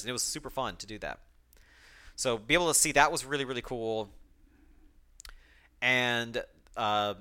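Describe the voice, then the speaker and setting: Young guy doing a solo podcast, bright voice, choked up and rambling with lots of ums. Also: medium pitch, clean tone. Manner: emotional, choked up at times, many fillers and restarts. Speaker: podcast host.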